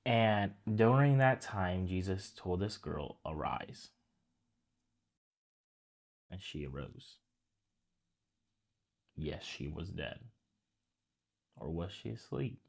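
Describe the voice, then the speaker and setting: A man's voice: low voice, lively intonation, slow pace, vocal fry, long pauses. A man giving a casual, conversational sermon, retelling a story and talking straight to his listeners. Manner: conversational, addresses listeners as guys, restarts phrases. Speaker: preacher.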